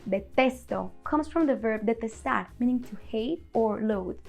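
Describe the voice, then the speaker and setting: A woman with a high voice who narrates a scripted language lesson. She explains words clearly and keeps an upbeat manner. Soft music plays faintly behind her. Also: expressive, a little slow. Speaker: language teacher.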